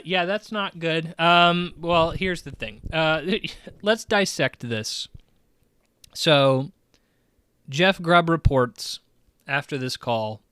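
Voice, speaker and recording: A man's voice: mid-range voice, a bit bright, clear, resonant tone, no echo, clean studio sound. Rambling male gaming podcast host. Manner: rambling, filler-heavy, many "um" and "like". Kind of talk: casual gaming-news commentary.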